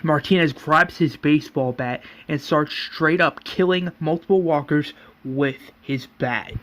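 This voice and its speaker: A man's voice: on the high side, a little slow, a bit bright. A man casually narrating his own fan story, loose and full of fillers like "you know". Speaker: fan series writer and narrator.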